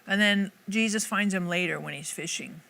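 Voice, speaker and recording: A woman's voice: mid-range voice, normal speed, gravelly, sharp tone. Earnest woman giving casual devotional talk. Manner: earnest, conversational, thinking aloud with restarts. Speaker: Bible teacher. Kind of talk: casual devotional teaching to camera.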